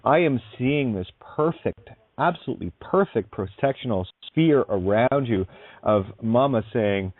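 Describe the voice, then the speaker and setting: A man's voice: mid-range voice, expressive, unhurried, no room sound. A man hosting a spiritual talk radio show, effusive and rambling, calling his guest honey. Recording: dry tinny phone-like line.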